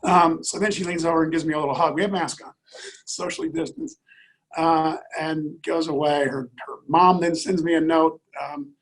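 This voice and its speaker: A middle-aged airline executive, appearing as an interview guest, speaks in a slightly high, husky, breathy voice for a man. He shares a personal story earnestly and haltingly, often circling back with fillers and repeated words. The recording is expressive but low in quality.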